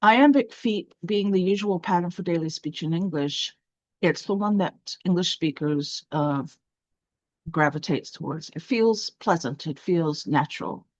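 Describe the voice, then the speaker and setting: A woman's voice: on the low side, unhurried, no echo. A woman teaching a poetry class, explaining step by step with fillers and restarts. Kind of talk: online lesson. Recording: dry, dull lo-fi sound.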